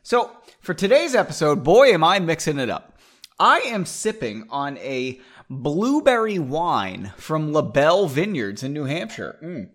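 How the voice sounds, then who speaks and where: A man hosting a casual show, chatting and reading his story aloud with frequent digressions and laughs. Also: a little high. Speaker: podcast host reading his own story.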